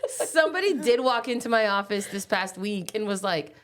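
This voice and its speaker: Wry woman co-host with lively pitch. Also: moderate pace. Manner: wry, dry jokes. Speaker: podcast co-host. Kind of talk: casual chat.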